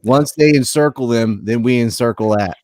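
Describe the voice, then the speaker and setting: A man's voice: medium pitch, normal speed, darkish tone, dry recording, clean studio sound. A man hosting a podcast in casual chat; blunt, joking, and swearing freely.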